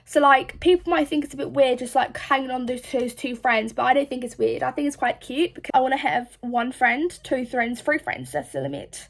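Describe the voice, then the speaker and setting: A woman's voice: high voice, animated, fairly quick, creaky, hardly any pauses. A young woman from England, chatting frankly in a rambling, casual way and swearing often. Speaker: social media creator. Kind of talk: casual confessional chat.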